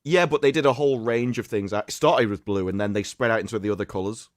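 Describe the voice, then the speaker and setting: A man's voice: fairly low pitch, fast, no echo, clean studio sound. A man joining a casual party live stream as a guest, joking and acting out quotes. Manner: joking, with lively acted-out quotes.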